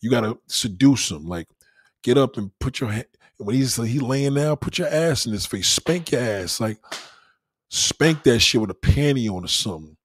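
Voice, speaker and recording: A man hosting a casual late-night livestream, reacting loudly to chat with profane, laughing banter. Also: medium pitch, expressive, moderate pace, breathy edge, dry recording, studio quality. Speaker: livestream host.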